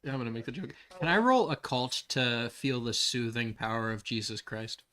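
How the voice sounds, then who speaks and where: A man's voice: medium pitch, normal speed, sharp tone. A man playing a tabletop game, talking in a dry, sarcastic way. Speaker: player. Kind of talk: casual tabletop game chat.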